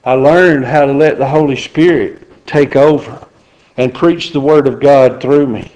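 A man's voice: medium pitch, fairly even intonation, a little slow, a little mellow, low-quality recording. A middle-aged man preaching a sermon in a folksy, joking way. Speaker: pastor.

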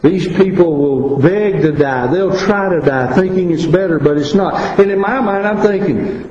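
A man preaching a sermon, earnest, dropping to quiet asides and rising to stress warnings. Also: high voice, moderate pace, hardly any pauses, reverberant, lo-fi sound.

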